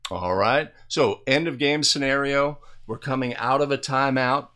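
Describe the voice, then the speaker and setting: In this video play review, a male basketball officiating instructor speaks in a smooth, mid-range voice that is bright and forceful yet a little slow. He walks through the footage like a coach at a whiteboard, explaining simply, sometimes starting sentences over, using fillers, and often adding "right?"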